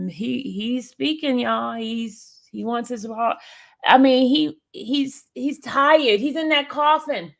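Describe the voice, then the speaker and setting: A woman's voice: on the high side, gravelly, fairly bright tone. A tearful woman hosting a live stream, pleading with listeners to come up and talk. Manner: pleading, urging listeners to join. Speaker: livestream host.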